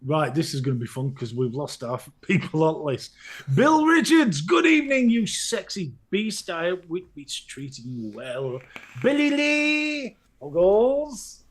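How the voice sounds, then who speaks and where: A man co-hosting a casual live stream, playfully greeting chat viewers by name with bursts of loud laughter. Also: fairly high pitch, sing-song, unhurried, few pauses, husky.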